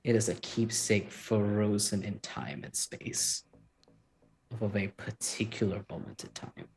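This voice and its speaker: A man's voice: fairly low pitch, lively intonation, vocal fry, a little mellow, a little hiss or hum. A man narrating a tabletop game as game master, thoughtful and full of fillers. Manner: slow, thoughtful, with many fillers.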